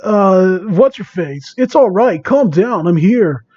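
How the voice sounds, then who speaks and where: Man voicing a laid-back hedgehog guy, soft, soothing, dull lo-fi sound. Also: sits high, expressive, moderate pace, slightly rough. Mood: easygoing.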